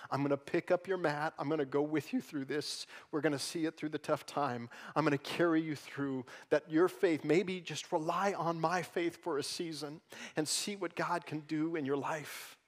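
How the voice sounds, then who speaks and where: A man preaching a sermon as pastor, dropping to soft, hushed lines and then building to loud, emphatic passages. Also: on the high side. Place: church sanctuary.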